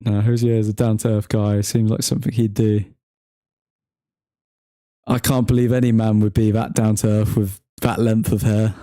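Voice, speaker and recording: A young man hosts a football watchalong livestream, trading jokes with the chat and laughing easily. His voice is mellow and warm, with a dry, close sound and an easy, casual delivery. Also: lowish voice, level tone, normal speed, no echo. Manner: joking banter, laughs often, talks to chat by name. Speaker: livestream host reading chat.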